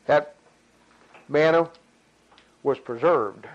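A man preaching a sermon in an animated, folksy way, acting out voices of the people in his story. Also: sits high, normal speed. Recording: dull lo-fi sound.

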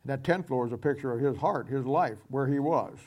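A man preaching a sermon emphatically, voice dropping low and soft at the ends of points. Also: brisk. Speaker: pastor.

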